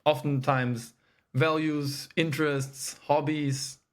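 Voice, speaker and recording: A man's voice: a little high, level tone, slow pace, background noise. Man hosting an interview, thinking aloud. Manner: reflective, thinks aloud while asking. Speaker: interviewer, channel host. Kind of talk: interview questions.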